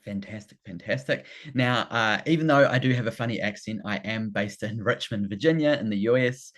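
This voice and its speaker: A man's voice: lowish voice, a little fast, fairly bright tone. A man with a New Zealand accent hosting a live online workshop, eagerly greeting people and repeating words like fantastic and amazing. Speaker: workshop host. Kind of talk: upbeat live webinar hosting. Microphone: video call.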